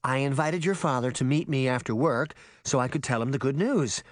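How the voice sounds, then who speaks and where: Man as a careful young mother, lightly raised pitch, calm, storybook. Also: brisk, no room sound, clean studio sound, natural voice. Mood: serious. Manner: calm, reassuring.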